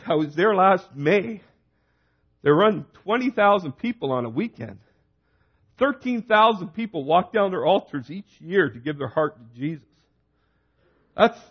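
A man's voice: on the high side, husky, muffled recording. A man preaching a sermon, urging listeners with short, repeated exhortations. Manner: urgent, repetitive exhortations.

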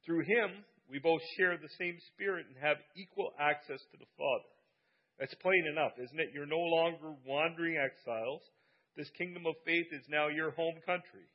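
A man's voice: on the high side, moderate pace, lo-fi sound. Earnest preacher man, repeating for emphasis. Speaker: pastor. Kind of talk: sermon. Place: church service.

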